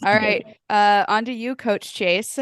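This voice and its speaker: A woman's voice: mid-range voice, a bit bright, smooth, dry recording. A woman hosting an interview, asking upbeat and encouraging questions. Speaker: host. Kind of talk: interview, casual chat.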